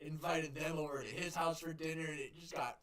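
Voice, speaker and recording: A young man co-hosting a podcast in casual chat, animated and profane, acting out TV scenes. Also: brisk. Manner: animated, profane, acts out scenes in shrill voices. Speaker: podcast co-host. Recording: faulty mic with crowd noise behind.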